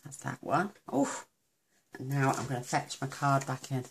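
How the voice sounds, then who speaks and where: A woman's voice: a bass voice, lively intonation, moderate pace, gravelly, a little hiss or hum, poor audio. A middle-aged woman from the UK chatting casually through a crafting tutorial, rambling and talking to herself as she works. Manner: chatty, rambling, talks to herself while working. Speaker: craft demonstrator.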